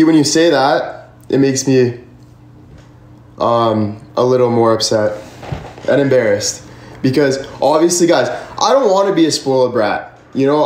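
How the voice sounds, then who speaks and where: A man's voice: mid-range voice, a little mellow, reverberant, a little hiss or hum. Passionate young man streaming live. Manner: passionate, swearing, rambling, reading chat aloud. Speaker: livestream host. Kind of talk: casual livestream chat. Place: room indoors. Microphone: phone or camera at a distance.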